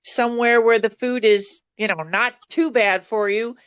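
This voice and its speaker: Chatty high-voiced woman telling stories. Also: fairly even intonation, moderate pace, a bit bright, smooth, no room sound, highs cut off. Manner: chatty, laughing storyteller. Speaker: live-stream guest, former take-home chef. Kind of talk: casual group chat and joke telling.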